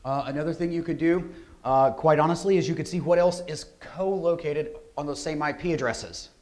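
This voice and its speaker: Fairly high-voiced guy presenting at a conference, chatty and energetic. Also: a little fast. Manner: energetic, conversational, rhetorical questions. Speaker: conference speaker. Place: conference hall.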